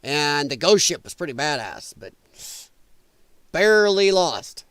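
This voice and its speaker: A man hosting a casual political commentary livestream, rambling and quick to laugh while he reads the chat. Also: fairly high pitch, sing-song, fairly bright tone, no room sound. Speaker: livestream host reading chat.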